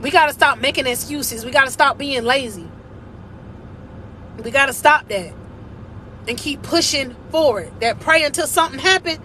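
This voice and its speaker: Woman life coach preaching hard, high sharp voice, faint car noise behind. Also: moderate pace, pauses often. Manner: emphatic, preachy, laughs often. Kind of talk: motivational faith talk.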